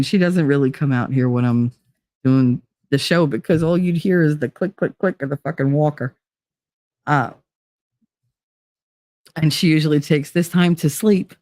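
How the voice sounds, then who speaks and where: A woman's voice: low-pitched, dark tone, no echo, studio quality. A woman hosting a livestream talk show, chatting casually and reading viewer comments, blunt, swearing freely and laughing easily.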